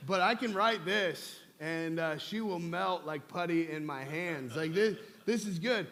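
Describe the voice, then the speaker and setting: Male pastor, conversational humorous sermon, slightly high voice, reverberant sanctuary. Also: unhurried, a bit bright. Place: church sanctuary. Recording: long church hall reverb.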